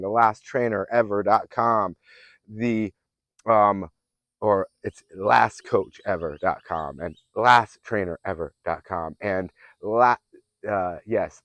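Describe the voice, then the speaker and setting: Earnest and affirming, this male fitness and mindset coach offers a motivational self-help talk marked by rambling restarts. His voice is on the low side, with no room sound.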